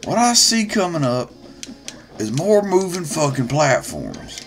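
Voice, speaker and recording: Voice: medium pitch, big pitch swings, measured pace, soft background music. A let's player giving gameplay commentary, swearing and grumbling at the game as they go. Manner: profane, grumbling running commentary. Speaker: let's play gamer.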